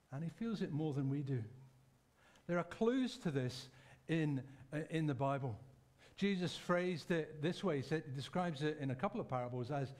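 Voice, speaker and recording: A man's voice: fairly high pitch, a little mellow. Man preaching a thoughtful, chatty sermon. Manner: conversational, thoughtful, with self-corrections and asides. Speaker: pastor. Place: church.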